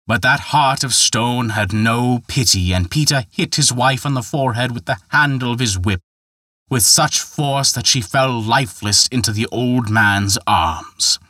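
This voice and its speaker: A man's voice: a little slow, sharp tone, no room sound, studio quality. A man narrating a folktale in a scripted, dramatic telling. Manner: dramatic, raises pitch and volume for quoted characters. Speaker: storyteller.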